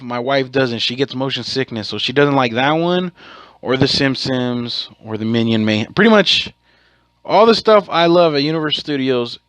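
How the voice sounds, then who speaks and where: A man's voice: medium pitch, a bit bright, no echo. A man hosting his own podcast, telling a rambling, profane story in a casual way and correcting himself as he goes. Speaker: podcast host.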